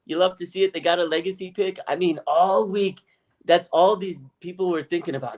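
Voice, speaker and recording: A man co-hosting a podcast, chatting in a lively, casual way, swearing freely and acting out other people's voices. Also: high voice, fairly quick. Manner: animated, swears freely, acts out quoted voices. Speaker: podcast co-host. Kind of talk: casual sports chat.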